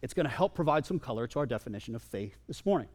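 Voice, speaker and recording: Speaking rapid-fire in a mid-range voice, a pastor delivers a sermon in a church sanctuary. He is lively and conversational, trading jokes with the congregation, and the audio carries the long reverb of a large hall.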